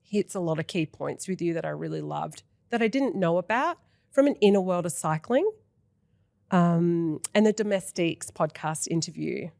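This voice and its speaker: A woman in her thirties hosts a podcast from a studio, effusive and openly emotional, with casual swearing. Her voice sits on the low side for a woman. The sound is close and dry. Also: animated, moderate pace, vocal fry, a little mellow, no room sound. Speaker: podcast host. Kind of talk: casual interview chat.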